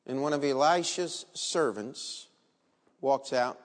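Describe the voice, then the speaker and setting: A man's voice: fairly high pitch, animated, a little slow, long pauses. A man preaching a sermon as a pastor, telling the story vividly and asking the congregation rhetorical questions. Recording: long reverb in a large hall.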